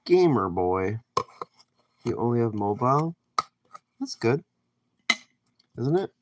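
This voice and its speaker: A Canadian livestreamer cooks in his home kitchen while chatting casually with viewers, reading their comments aloud and rambling through his answers. His medium-pitched voice moves slowly with big swings in pitch, and there's background noise.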